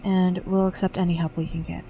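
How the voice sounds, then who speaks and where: Fields: Woman. Role: player. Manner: earnest. Pitch: low. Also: level tone, fairly quick, dark tone, soft background music.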